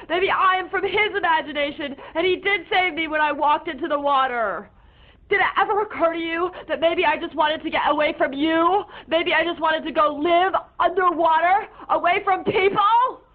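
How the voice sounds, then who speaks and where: Woman playing a super high-pitched dramatic teen girl, crying and whining at her parents, mixing up big words, tinny phone-y sound. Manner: whiny, tearful, overwrought with mangled big words. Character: melodramatic teenage girl ranting at her parents. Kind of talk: comic character monologue.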